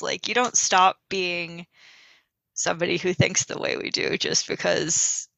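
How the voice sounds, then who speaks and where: American woman guest, bright with vocal fry, thoughtful and chatty, dry sound. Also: fairly low pitch, fairly even intonation, measured pace, no echo. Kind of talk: casual chat.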